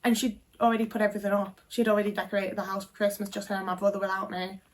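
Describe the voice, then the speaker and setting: A woman's voice: medium pitch, level tone, rapid-fire. A woman in her twenties, telling a personal story frankly and casually, swearing often and filling with "like". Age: 20s. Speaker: vlogger.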